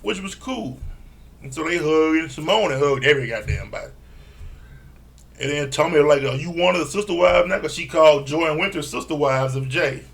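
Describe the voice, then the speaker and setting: A man giving a casual, animated recap of a reality show, swearing freely and acting out what people said. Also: a little high, a little fast, vocal fry. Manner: animated, profane, acts out quotes. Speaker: reality TV reviewer.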